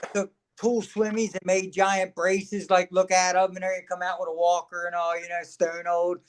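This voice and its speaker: A man's voice: high voice, little pitch movement, moderate pace, clean tone. A man, a wrestling guest at a fan signing, telling casual, rambling anecdotes and laughing as he goes. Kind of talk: casual storytelling.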